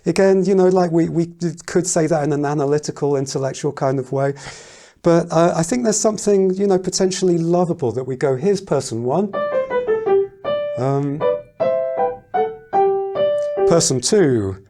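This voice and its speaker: A man teaching a piano lesson in a casual, thoughtful way, pausing often and humming rhythms aloud. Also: on the high side. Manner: thoughtful, hesitant, sings and counts rhythms aloud. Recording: loud piano playing behind the voice.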